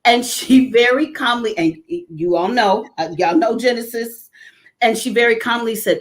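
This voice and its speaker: A middle-aged woman hosts a casual talk show, telling candid stories and laughing often. Her pitch is fairly high and her pace moderate, though the audio quality is poor.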